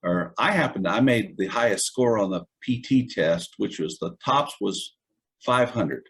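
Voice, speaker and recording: A man's voice: on the low side, animated, a little slow, fairly bright tone, husky. A man in his seventies, an Army veteran being interviewed, recounting old stories in a wry, chuckling way. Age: 70s. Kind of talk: casual storytelling interview.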